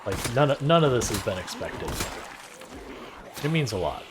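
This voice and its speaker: A man's voice: medium pitch, big pitch swings, normal speed, noisy background. A man streaming a game and chatting casually, rambling and sarcastic, often restarting his sentences. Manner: rambling, self-deprecating and sarcastic. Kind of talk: casual gameplay chat.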